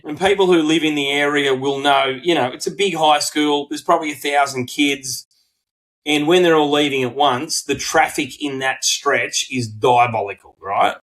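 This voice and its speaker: Middle-aged australian man, podcast co-host, sweary storyteller, lively quoted voices, fairly high voice. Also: normal speed, rough recording. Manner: swears freely, acts out quotes in animated bursts. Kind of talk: casual storytelling chat.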